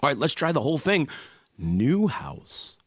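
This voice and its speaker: A man's voice: mid-range voice, wildly swooping pitch, measured pace, slightly rough, no room sound, studio quality. A man teaching an online music class, playful and upbeat, mixing sung lines with spoken explanation. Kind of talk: online music lesson with singing.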